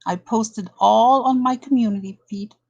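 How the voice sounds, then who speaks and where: A woman's voice: on the high side, moderate pace, gravelly, darkish tone, lo-fi sound. A woman from Germany doing a blunt, indignant drama commentary, calling someone out and reading an article aloud. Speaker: commentary vlogger.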